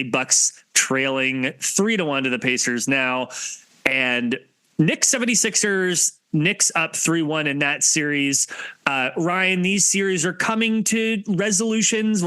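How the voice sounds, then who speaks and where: A man co-hosting a sports podcast in casual chat, lively and jokey as he rattles off scores. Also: high voice, dry recording. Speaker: podcast co-host.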